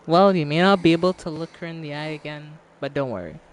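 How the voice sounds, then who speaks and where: A woman's voice: low voice, fast. A woman streaming a game, chatting casually with her audience, teasing and laughing often and swearing freely.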